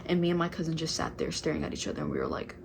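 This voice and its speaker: A woman's voice: low-pitched, huge pitch swings, rapid-fire, creaky, noisy background. A young adult woman telling a casual storytime to her viewers, chatty and full of fillers, calling them girl. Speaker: vlogger.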